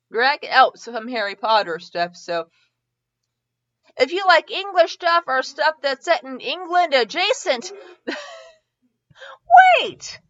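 Bright-voiced woman reading fanfic then rambling about it, giggly, slightly muffled mic. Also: high-pitched. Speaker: fanfiction reader and reviewer. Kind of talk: reading aloud and casual review. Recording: slightly muffled home recording.

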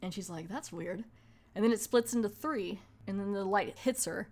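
A woman's voice: mid-range voice, fairly quick, a little mellow. Chatty woman retelling a movie. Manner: chatty, retells scenes with quoted lines and "like". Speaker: movie reviewer. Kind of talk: casual spoken film review.

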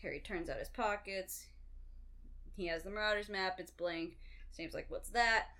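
A woman co-hosting a podcast, retelling movie scenes in relaxed, matter-of-fact casual chat. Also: fairly low pitch, moderate pace. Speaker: podcast co-host.

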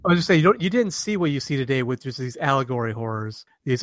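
Animated, laughing man in casual chat. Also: mid-range voice, quick pace, few pauses, no room sound, studio quality. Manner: animated storyteller, swears freely, laughs often. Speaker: podcast co-host.

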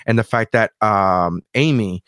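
A man's voice: on the low side, unhurried, a bit bright, clean tone, no echo. Rambling, profane man hosting a chat. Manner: enthusiastic, rambling, swears freely. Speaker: podcast host. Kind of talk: casual chat.

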